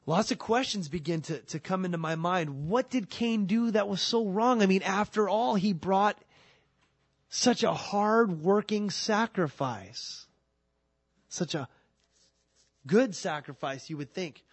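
A man preaching a sermon in a conversational, animated way, asking his listeners questions as he retells a scripture story. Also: high-pitched, a little slow, slightly rough, no room sound. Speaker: pastor.

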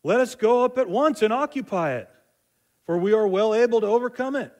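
A man's voice: high voice, expressive, a little fast, voice pushed up. A man voicing a bold Israelite leader who rallies a frightened crowd with urgent calls. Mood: rousing. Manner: urgent, rousing shouts.

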